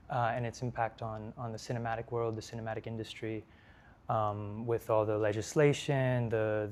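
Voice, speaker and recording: Young male lecturer, mid-pitched, halting delivery full of fillers. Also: darkish tone. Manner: hesitant, many fillers and restarts. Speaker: lecture speaker. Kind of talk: conference talk. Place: lecture hall.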